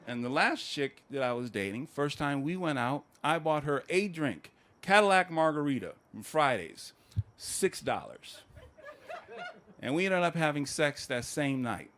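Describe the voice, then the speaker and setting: A man performing a stand-up comedy set, telling stories in a conversational, deadpan way. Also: a little high, a little slow. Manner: conversational, deadpan storytelling with acted quotes.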